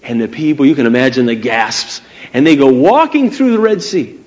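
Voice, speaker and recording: A man preaching a sermon, retelling stories in an animated way and speaking straight to his listeners. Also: medium pitch, normal speed, lo-fi sound.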